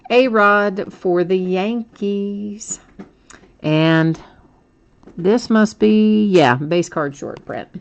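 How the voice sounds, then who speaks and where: A woman's voice: mid-range voice, very slow, lo-fi sound. A woman hosting a live trading card break, chatting and thinking aloud with frequent small laughs as she opens packs.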